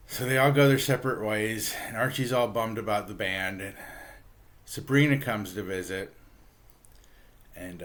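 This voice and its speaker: A man with a somewhat low voice hosts a relaxed book review. He talks in an easygoing, halting way, filling pauses with ums and uhs and chuckling now and then as he walks through the story. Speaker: book reviewer, channel host. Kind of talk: casual comic book review.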